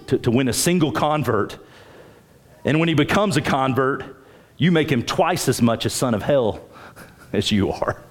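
Male pastor mid-sermon, average pitch, builds emphasis on key points, restarts his phrases. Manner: emphatic, rising pitch on key points, repeats words when starting phrases.

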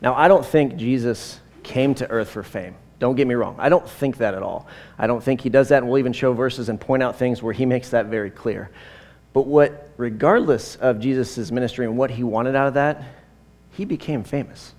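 A man's voice: medium pitch, moderate pace, a little mellow. A man in his forties preaching a sermon in a conversational, rambling way, with many fillers and side stories. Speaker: pastor.

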